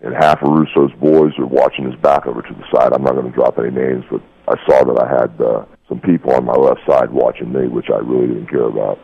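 A man with a very low, husky voice tells a heated story, blunt and profane, calling the listener "brother." He is heard on a muffled, lo-fi radio broadcast. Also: steady tone, fast talker, hardly any pauses. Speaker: radio show guest.

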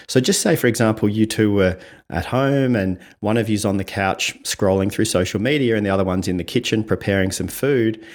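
Male coach guest, fairly low voice, patient explainer who checks in with "right?". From Australia. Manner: explains step by step, often tags with "right?", animated when acting out examples. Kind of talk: explanatory interview talk.

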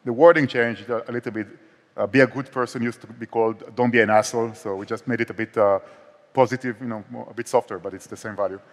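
A man's voice: medium pitch, steady tone, quick pace. Israeli-accented man in a reverberant hall. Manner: candid, self-deprecating, many restarts. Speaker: startup co-founder and CEO, guest. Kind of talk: conference stage interview. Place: conference stage in a large hall.

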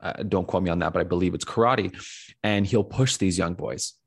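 Deep, gravelly-voiced podcast host. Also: male voice, brisk, no room sound, studio quality. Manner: earnest and searching, with frequent fillers and restarts. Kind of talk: reflective podcast conversation.

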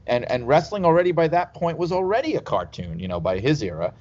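A man's voice: a little high, sing-song, fast, a little mellow. Man, casual storyteller, rambling, chuckling, slightly dull audio. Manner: rambling, laughs through anecdotes. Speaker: podcast guest.

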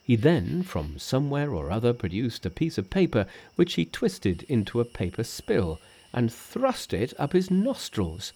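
A man narrating an audiobook in a measured, expressive storytelling manner. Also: medium pitch, husky.

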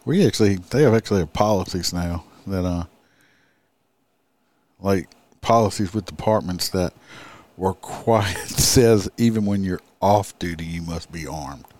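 A man's voice: low voice, unhurried, a little mellow, no room sound. A man, a police officer, chatting casually with a wry tone, laughing through his words. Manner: laughs while talking, wry. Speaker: podcast co-host, police officer. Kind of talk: casual chat.

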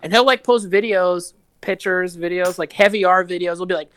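A man's voice: high-pitched, fairly even intonation, normal speed, a bit bright, clean tone, no room sound. Rambling, foul-mouthed guest man. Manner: rambling, profane, heavy use of "like". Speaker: guest musician. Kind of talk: casual podcast chat.

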